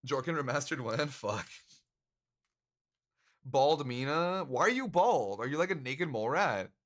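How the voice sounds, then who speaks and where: A man's voice: mid-range voice, very animated, unhurried, a bit bright. A man streamer chatting casually with his live audience, joking, laughing often and swearing freely. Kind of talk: casual livestream chat. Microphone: handcam stream mic.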